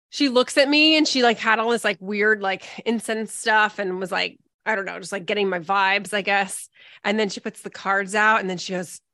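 A woman's voice: medium pitch, bright, forceful tone, no room sound. A woman co-hosting a podcast, telling a story in casual chat and often breaking into giggles. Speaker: podcast co-host.

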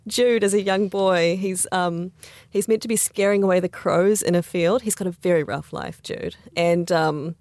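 A woman's voice: fairly low pitch, fairly even intonation, normal speed, a little mellow, dry recording, clean studio sound. A woman co-hosting a podcast in casual chat, rambling with lots of fillers and frequent laughter. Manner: chatty, rambling with many fillers, laughs often. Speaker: podcast co-host.

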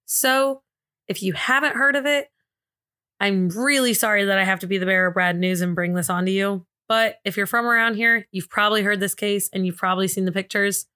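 A woman's voice: medium pitch, fairly even intonation, brisk, pushed and bright. A woman from Indiana co-hosting a true crime podcast, telling the case in a chatty, joking way and laughing often. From Indiana, USA. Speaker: podcast co-host, case presenter.

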